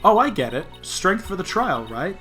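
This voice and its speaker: A streamer reading as an excitable young lawyer. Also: medium pitch, moderate pace, faint music behind, voice pushed up. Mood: earnest. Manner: read aloud in a near-normal voice.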